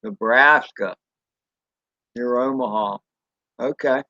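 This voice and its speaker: A man with a Southern US accent talks with his live-stream viewers, slow and unhurried, rambling in a folksy way. His voice is dry and close, with a slightly dull, lo-fi sound. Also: mid-range voice, bright, forceful tone, no echo. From Southern United States. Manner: rambling, folksy, drawn-out fillers, mild swearing. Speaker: drone channel host reading live chat. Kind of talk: casual live-stream chat.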